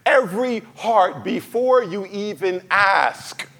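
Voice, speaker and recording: A man preaching a sermon to his congregation, swinging from fervent cries to soft, emphatic lines and addressing the church directly. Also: high-pitched, expressive, slow pace. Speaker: pastor.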